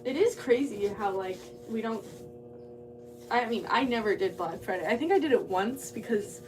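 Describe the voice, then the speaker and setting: A woman's voice: a little high, lively intonation, moderate pace. A woman potter livestreaming as she works, chatting casually and thinking aloud. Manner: rambling, thinks aloud while working. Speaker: ceramic artist livestreaming. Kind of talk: casual livestream chat while working. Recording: distant mic with background noise.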